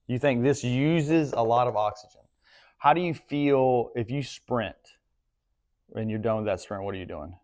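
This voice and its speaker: A strength coach leads a gym class, talking casually and often asking the group questions to check in. His voice is medium-pitched and a little mellow, at a moderate pace.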